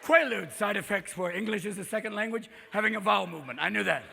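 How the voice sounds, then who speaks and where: A man's voice: high-pitched, lively intonation, fast, creaky, sharp tone, some chatter behind, a little hiss or hum. Manic, profane man doing stand-up. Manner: manic, profane, jumping into voices. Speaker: stand-up comedian. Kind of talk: live stand-up comedy. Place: live theater stage. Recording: live reverberant hall.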